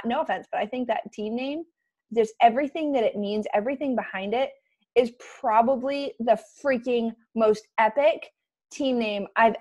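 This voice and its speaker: A young woman leading a casual motivational team call over a computer mic, chatty and excitable with quick asides. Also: a little high.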